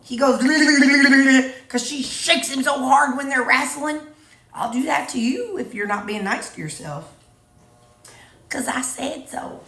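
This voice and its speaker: A woman's voice: sits high, measured pace, pushed and bright. Folksy woman chatting in her kitchen. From Missouri. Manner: chatty, folksy, teasing, sings snatches to herself. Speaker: vlogger. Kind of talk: casual chat to camera. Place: home kitchen, indoors. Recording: roomy echoey kitchen.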